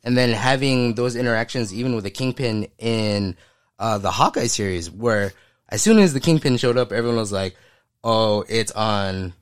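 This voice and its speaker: A man's voice: medium pitch, brisk, clean tone, dry recording, studio quality. A man co-hosting a casual pop-culture podcast, talking enthusiastically, rambling and often laughing. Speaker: podcast co-host. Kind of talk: casual chat.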